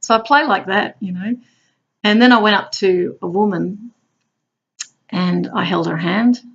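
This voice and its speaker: A woman who works as a hospital clown tells her stories playfully, now and then jumping into high squeals. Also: unhurried, muffled recording. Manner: warm, playful, bursts into high squeals when acting out clowning. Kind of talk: personal storytelling.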